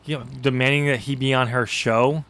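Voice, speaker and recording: A man's voice: medium pitch, fairly even intonation, a little fast, a bit bright. A man co-hosting a podcast in casual chat, rambling with lots of ums and easy laughs. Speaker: podcast co-host.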